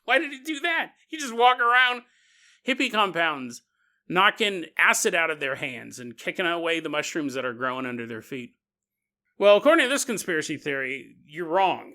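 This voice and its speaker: Male podcast host, high bright voice, jokey solo monologue with acted-out asides. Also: moderate pace. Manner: animated, jokey, acts out quotes in voices. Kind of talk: comedic conspiracy podcast monologue.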